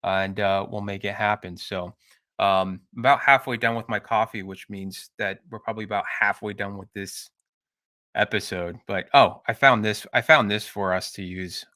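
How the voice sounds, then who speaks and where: A man co-hosting a podcast, chatting casually with a relaxed, rambling manner. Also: fairly low pitch, moderate pace, dry recording, studio quality. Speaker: podcast co-host. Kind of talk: casual chat.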